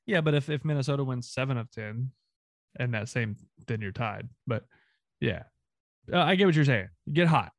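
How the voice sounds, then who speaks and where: A man's voice: mid-range voice, lively intonation, moderate pace, no echo. A man from the American South ranting emphatically, with swearing, as a co-host of a casual sports talk show.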